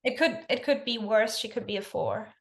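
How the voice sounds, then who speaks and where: A woman's voice: on the high side, animated, moderate pace. A woman interviewing a group casually, speaking with frequent hesitations and "um"s. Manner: hesitant, filler-heavy.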